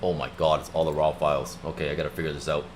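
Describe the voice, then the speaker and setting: A man's voice: extremely low pitch, flat delivery, racing, a little hiss or hum. A young man casually telling a rambling story to his livestream viewers, repeating himself as he goes. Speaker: livestream host.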